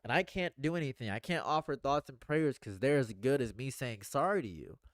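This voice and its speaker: A man streaming a rambling, earnest monologue, going from hushed to excited and repeating his phrases. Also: mid-range voice, fairly quick, dry recording, studio quality. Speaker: commentary streamer.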